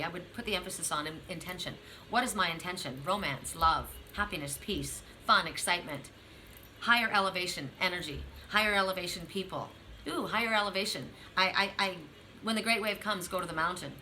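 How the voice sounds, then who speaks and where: A middle-aged woman with a bright, forward voice gives a spiritual oracle card reading. She speaks earnestly and straight to the listener, circling back to the same affirming phrases again and again. A faint hiss of noise sits under her voice. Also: on the low side, poor audio. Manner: earnest, repetitive, affirming, addresses the listener directly.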